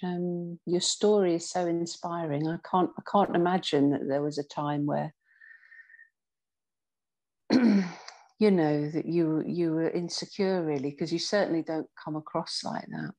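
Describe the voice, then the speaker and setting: A woman's voice: lowish voice, fairly even intonation, a little slow, a little mellow. A woman speaking casually on a video call, hesitant and full of ums. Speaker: call participant.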